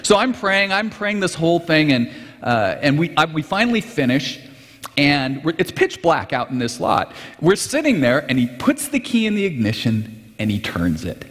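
A pastor tells a story during a sermon in a conversational, animated manner. His fairly high voice rises and falls a great deal, and he often restarts his sentences. A long reverb fills the large hall around him. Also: moderate pace.

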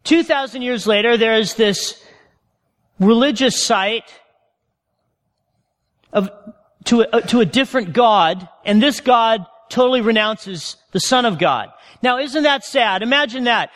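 A man's voice: very high voice, a little slow, a bit bright. A man preaching a sermon in a conversational way, often turning to the congregation with questions. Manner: conversational, asks the audience questions. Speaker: pastor. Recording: long hall reverb.

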